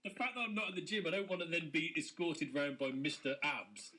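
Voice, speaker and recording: An English man co-hosting a local radio comedy show, firing off quick deadpan jokes and silly asides from a studio. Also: fairly high pitch. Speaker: radio co-host. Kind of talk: casual comedy chat.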